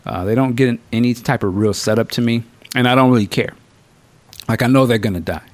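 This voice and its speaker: A man hosting a podcast, reviewing a film in casual, slangy, profane chat with animated storytelling. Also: medium pitch, a little fast, no echo. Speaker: podcast host.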